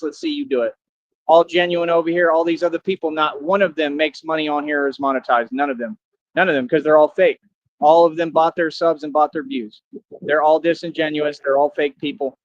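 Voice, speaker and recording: A man's voice: on the high side, no echo, dull audio. A man on a livestream, boasting and trash-talking his viewers in a brash, confrontational, slangy way.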